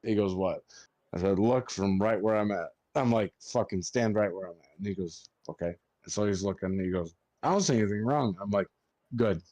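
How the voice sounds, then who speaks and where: A man's voice: fairly low pitch, brisk, darkish tone, dry recording. A man who works as a funeral director, chatting on a podcast and swearing freely as he tells stories. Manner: swears a lot while telling stories. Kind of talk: casual podcast chat.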